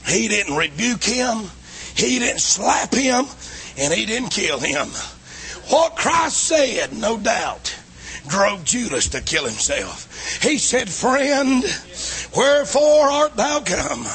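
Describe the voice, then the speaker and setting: A man preaching a fiery sermon, with rural dialect and a chanting, drawn-out cadence. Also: high-pitched, big pitch swings, creaky, pushed and bright, slightly rough. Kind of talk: shouted revival sermon.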